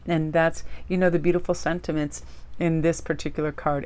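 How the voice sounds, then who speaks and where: Low-voiced woman gushing over tarot cards. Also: little pitch movement, fairly quick, a little mellow, clean tone. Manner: gushing, rambling, chatty. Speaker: tarot reader. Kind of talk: casual chat showing a tarot deck.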